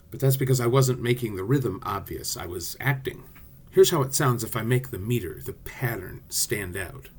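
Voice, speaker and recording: A man's voice: mid-range voice, sing-song, normal speed, darkish tone, husky. A male theatre teacher giving a friendly class video lesson, explaining directly to his students.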